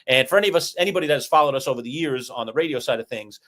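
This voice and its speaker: A middle-aged man co-hosting a sports talk show, chatting and telling stories in an animated way. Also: medium pitch, very fast. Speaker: co-host.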